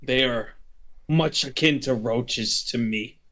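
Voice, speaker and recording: A man voicing a big, gruff male warrior who speaks in clipped, formal phrases. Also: medium pitch, takes it slowly, a bit bright.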